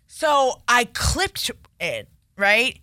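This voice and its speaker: A woman's voice: on the high side, sing-song, very slow, pushed and bright, no echo, studio quality. A young woman telling a story in casual chat, rambling and full of fillers.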